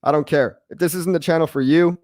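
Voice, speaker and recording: A man hosting a crypto livestream, talking casually to his chat in an excitable, brash way, mocking critics and repeating his lines for emphasis. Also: on the high side, fast, dry recording, clean studio sound. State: out of breath. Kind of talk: live-stream chat reacting to viewers.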